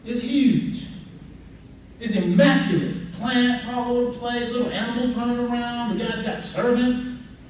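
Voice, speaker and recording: A man teaching a religious class, telling stories in a lively, colloquial way and addressing the audience directly. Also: very high voice, a little slow. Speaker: Islamic teacher. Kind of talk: lecture with storytelling. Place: mosque or Islamic center hall. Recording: echoey hall, mic far off, faint noise.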